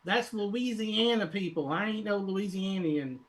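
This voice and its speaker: A man's voice: sits high, measured pace. A man from the American South playing a tabletop game, wry and plain-spoken in casual chat. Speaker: player.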